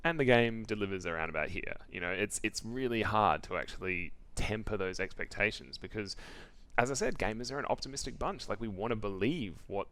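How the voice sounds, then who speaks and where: A man co-hosting a casual games chat show, talking haltingly with restarts and frequent laughs. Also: fairly low pitch, expressive, fairly bright tone. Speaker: podcast co-host.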